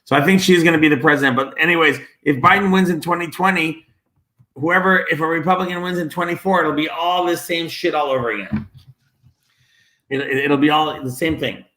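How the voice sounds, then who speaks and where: A man's voice: on the high side, fairly quick, pushed and bright. A man telling meandering stories in casual conversation, loose and profane, often losing his thread. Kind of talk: rambling casual chat. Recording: echoey room.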